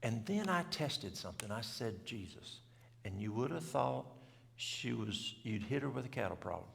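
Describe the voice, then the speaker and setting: A middle-aged man tells a story in a plain, folksy country way. His voice is deeply gravelly, with a middling pitch. It rings out with the long reverb of a church hall. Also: animated, normal speed, fairly bright tone. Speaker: health seminar speaker. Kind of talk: storytelling talk to a church audience.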